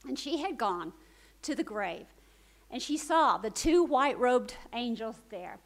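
Woman preaching, kinda high voice, tells it all animated then goes real quiet and soft. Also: unhurried, rough recording. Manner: animated retelling that swings from urgent to hushed. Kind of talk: storytelling sermon.

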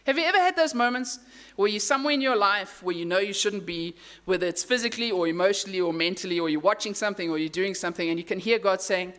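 A pastor preaching a sermon, telling a story with emphatic rises and quiet, hushed drops, and making casual asides. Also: mid-range voice, fairly quick. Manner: casual asides and self-corrections.

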